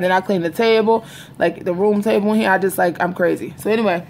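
A woman chatting casually to camera in an animated storytelling style, laughing often. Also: mid-range voice, fast talker, creaky, slight background noise. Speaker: vlogger. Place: home, indoors. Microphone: phone or webcam camera.

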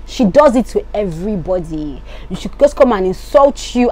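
A woman's voice: a little high, moderate pace, few pauses. A woman, chatting casually as she recaps reality show gossip with lots of asides. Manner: chatty, animated, lots of "you get me".

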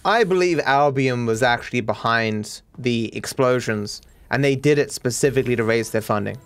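Deadpan Australian streamer, gravelly. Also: male voice, medium pitch, moderate pace, no echo. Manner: deadpan, joking. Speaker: livestreamer. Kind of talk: casual game commentary.

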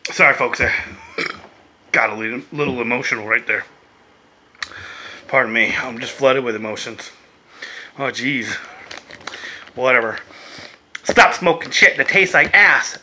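A man reviewing beer and vapes in a casual vlog, rambling, swearing freely and getting excitable. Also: high-pitched, slight background noise.

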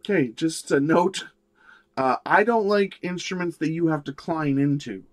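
A man hosting a miniature painting tutorial, talking in a relaxed, rambling way with many fillers. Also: fairly high pitch, a little slow, slight background noise. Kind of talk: casual tutorial narration.

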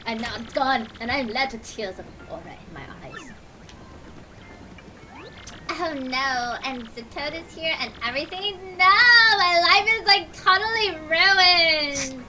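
A woman's voice: high-pitched, distant mic. A woman voicing a self-pitying bro-dude chef who moans melodramatically. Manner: melodramatic, mopey.

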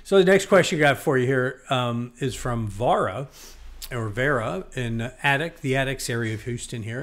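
A man's voice: medium pitch, moderate pace, a bit bright. Male radio co-host, casual and rambling, reads out listener questions. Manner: chatty, rambling with restarts. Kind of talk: casual radio call-in chat.

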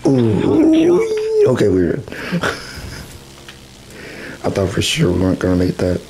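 A man hosting casual gameplay commentary, his voice hoarse and rough as if it is going out, chatting and reacting with quick exclamations while he races. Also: low voice, steady tone, a little mellow, slight background noise, low-quality recording. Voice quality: rough, smoker-like. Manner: chatty, laughs often, exclaims at the race. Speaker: gaming channel host.

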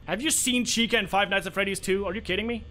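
A man's voice: high voice, fast talker, sharp tone, slight background noise. A young man streaming a horror game live, swearing freely and bantering with his chat. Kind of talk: live gameplay commentary.

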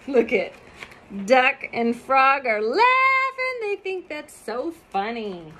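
Lady reading a kids book out loud, super slow, lots of ups and downs, comments on the pictures. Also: high voice. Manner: expressive, with chatty asides about the pictures.

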